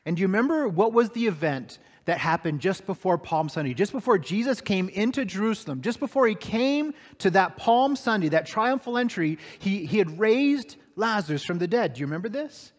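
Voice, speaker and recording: A man preaching a sermon, telling a story dramatically and swinging between hushed, slow passages and raised, excited ones. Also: high voice, in a large hall. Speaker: pastor.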